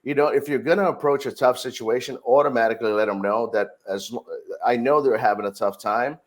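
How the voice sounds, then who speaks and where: A man's voice: mid-range voice, a little fast. Middle-aged man telling stories animatedly. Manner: animated storyteller, acts out dialogue. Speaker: podcast guest, security director. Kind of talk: conversational storytelling.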